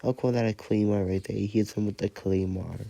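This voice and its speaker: A man who is sick and speaking low, giving play-by-play wrestling commentary and counting out the pins. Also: steady tone, brisk, gravelly, warm tone. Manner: counts pins aloud and announces winners.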